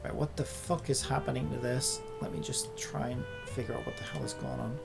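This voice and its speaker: A content creator talking casually while working at a computer, muttering and swearing at the software in exasperation. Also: mid-range voice, fairly even intonation, fairly quick, creaky, loud music behind the voice.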